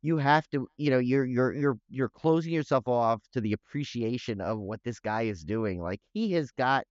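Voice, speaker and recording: A man co-hosting a podcast in casual chat, rambling and animated with many restarts. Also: mid-range voice, moderate pace, dry recording, dull audio. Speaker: podcast co-host.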